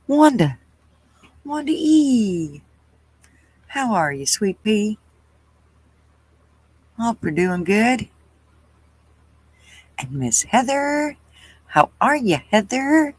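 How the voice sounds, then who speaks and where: A host chatting casually on a livestream, relaxed and greeting viewers one by one by name. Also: medium pitch, drawn-out words, long pauses, slightly rough, no room sound, low-quality recording.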